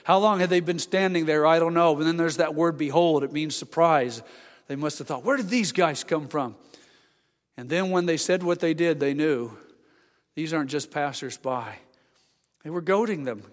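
Male pastor preaching emphatically in a church, with a high voice and a reverberant sound. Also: moderate pace. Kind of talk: sermon. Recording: long hall reverb.

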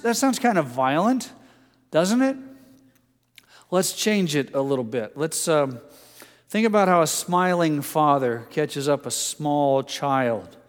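An older man preaching a sermon, telling stories gently and dropping soft and low for quotes. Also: big-room sound. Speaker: pastor.

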